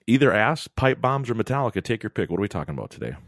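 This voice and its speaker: A man's voice: on the low side, very fast, no room sound. A man hosting a podcast, telling stories in a casual chat and laughing often. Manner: animated storytelling, laughs often. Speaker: podcast host. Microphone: studio podcast mic.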